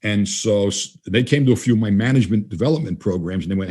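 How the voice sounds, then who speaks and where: Older male interview guest, mellow and husky, a loose storyteller who plays out the dialogue he quotes. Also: lowish voice, fast, hardly any pauses. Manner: conversational, acts out quoted dialogue. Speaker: guest trainer.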